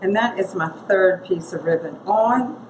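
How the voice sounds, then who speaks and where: A woman's voice: mid-range voice, a little slow. A woman, chatting through a craft tutorial as she works. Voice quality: gravelly. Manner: chatty, thinks aloud while working. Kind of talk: casual craft demonstration. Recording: echoey room with noise.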